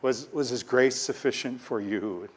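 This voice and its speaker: A man's voice: mid-range voice, a little slow, husky. A male pastor preaching a sermon, reading scripture aloud and stressing key words with swells of force, often repeating himself as he builds a point.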